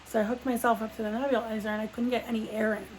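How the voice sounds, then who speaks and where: A woman's voice: on the high side, flat delivery, rapid-fire, slight background noise, rough recording. A young adult woman telling a personal story in a casual sit-down vlog, rambling with lots of "like" and restarts. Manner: rambling, full of "like" fillers and restarts. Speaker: vlogger.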